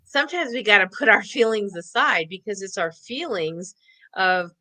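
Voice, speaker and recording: Woman, co-host, chatty, upbeat, bright tone, dry close sound. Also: mid-range voice, expressive, normal speed, no room sound, low-quality recording. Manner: chatty, upbeat, laughs often. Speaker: co-host doing card readings. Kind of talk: casual online show chat.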